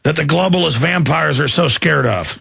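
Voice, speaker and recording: A raspy, gravelly man hosting a heated talk-radio show, his voice bright and pushed hard. He rants bluntly and fiercely. The sound is dry and close. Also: on the high side, normal speed, dry recording. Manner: fiery, blunt, swears then apologizes. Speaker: host.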